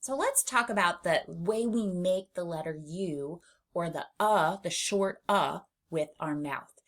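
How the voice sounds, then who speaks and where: Cheerful woman teaching children phonics. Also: on the low side. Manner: upbeat, sings out greetings, models sounds slowly.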